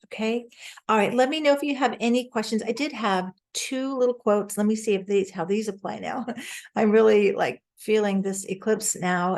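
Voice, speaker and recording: An earnest woman talks through a spiritual lesson over a video call, at an ordinary middle pitch. She sounds heartfelt and easily moved, laughing often and stopping to look things up as she goes. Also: darkish tone. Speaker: spiritual astrology teacher.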